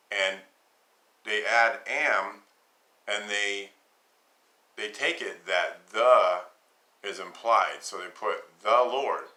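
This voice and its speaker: A man delivers a spoken Bible teaching in a very bright, forceful voice, pitched a little low. He talks slowly and deliberately, pausing to stress single words. The recording sounds echoey, as if made in a bare room.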